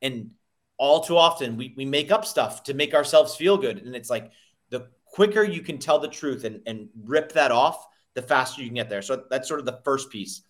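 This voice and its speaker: A man's voice: mid-range voice, normal speed. A man being interviewed as a sales coach, talking energetically and telling stories, often repeating himself and acting out quoted people. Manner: energetic, repeats words and restarts, quotes people in lively voices. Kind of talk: conversational interview storytelling.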